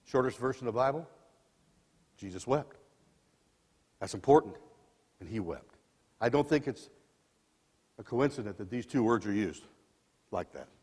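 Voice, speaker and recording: A man in his sixties preaching a sermon as dramatic storytelling, swinging between loud and soft passages, in a church sanctuary. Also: medium pitch, expressive, a little slow, long pauses, husky. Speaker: lay preacher. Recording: long church reverb.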